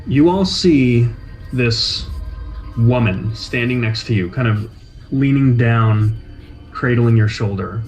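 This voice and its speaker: A man narrating a tabletop game as game master, describing scenes in a measured, atmospheric way. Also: medium pitch, a little mellow, low-quality recording. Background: faint soundtrack music.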